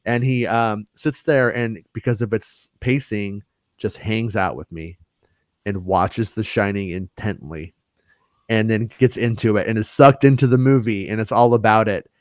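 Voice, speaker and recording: A man's voice: fairly low pitch, unhurried, no room sound, clean studio sound. A man chatting casually on a podcast, telling stories in a rambling way with many restarts and fillers. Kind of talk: casual chat.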